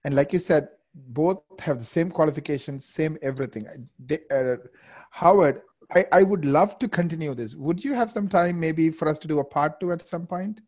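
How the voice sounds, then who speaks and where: A man's voice: on the high side, moderate pace, a little mellow. A man hosting a podcast interview, asking his guest hesitantly for a second episode. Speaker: podcast host. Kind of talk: interview questions.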